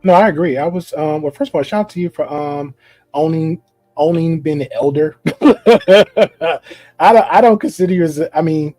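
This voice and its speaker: A man in casual podcast conversation, talking in a relaxed slangy way with lots of restarts and fillers. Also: on the high side, moderate pace, no echo.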